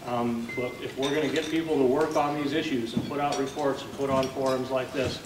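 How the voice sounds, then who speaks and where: A man's voice: medium pitch, flat delivery, brisk, heavy background noise. A man hosting a policy luncheon, giving a plain, conversational introduction with frequent filler words. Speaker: event host introducing a speaker. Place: banquet hall at a lunch event. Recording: roomy, distant mic with clinking dishes.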